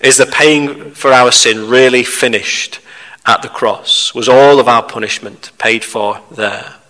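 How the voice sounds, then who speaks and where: A man preaching a sermon, measured and steady, putting questions to the listeners. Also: medium pitch. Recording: reverberant hall.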